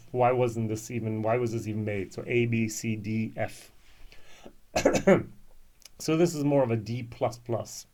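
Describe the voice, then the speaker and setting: A man's voice: mid-range voice, darkish tone. Man musing through a tasting. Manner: musing, frequent fillers and restarts. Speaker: whisky reviewer. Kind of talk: casual tasting review.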